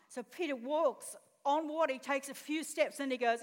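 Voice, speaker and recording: High-voiced woman preaching. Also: fairly quick, hardly any pauses. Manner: expressive storytelling, asks the congregation questions. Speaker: pastor. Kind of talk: sermon. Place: church auditorium. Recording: long reverb in a church hall.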